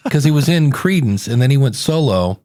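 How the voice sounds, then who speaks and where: A man's voice: mid-range voice, expressive, brisk, a little mellow, no echo, clean studio sound. A middle-aged man hosting a podcast, chatting casually and acting out quotes with playful voices. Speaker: podcast host.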